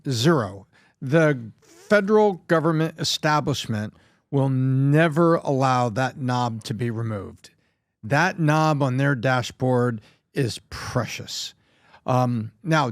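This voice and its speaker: A man's voice: fairly high pitch, no room sound, clean studio sound. A man on a podcast panel giving confident, emphatic opinions. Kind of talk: casual panel discussion.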